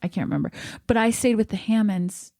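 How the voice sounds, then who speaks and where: A young woman hosting a podcast, chatting casually and reminiscing with quick asides. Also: mid-range voice, steady tone, warm tone, dry recording, studio quality. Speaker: podcast host. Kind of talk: casual chat.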